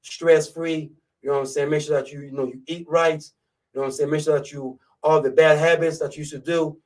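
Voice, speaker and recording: A man with a fairly high, darkish voice speaks briskly with little pitch movement, recorded from a distance on low-quality audio. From Côte d'Ivoire, he hosts a live radio show in a relaxed way, his French accent thick. He chats casually, checks in with his listeners regularly, and leans on "you know what I'm saying."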